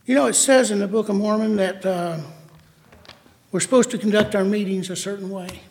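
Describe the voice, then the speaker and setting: A high-pitched man delivers a sermon, stopping and restarting his phrases and correcting himself mid-thought. His voice rings out with a long reverb, as if recorded in a large hall. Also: a little mellow. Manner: halting, with restarts and self-corrections.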